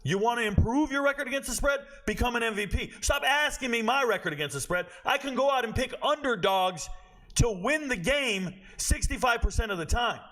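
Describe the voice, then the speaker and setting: A man's voice: very high voice, lively intonation, a little fast, bright, forceful tone. A man hosting a sports betting vlog, ranting in a brash, boastful, scolding way. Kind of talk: betting picks vlog rant.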